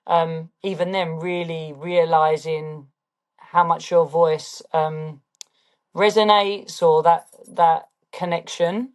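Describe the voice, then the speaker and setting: A woman with a deep, slightly mellow voice and a London accent chats casually as an interview guest. She's a fashion brand founder from London who often asks "do you know what I mean".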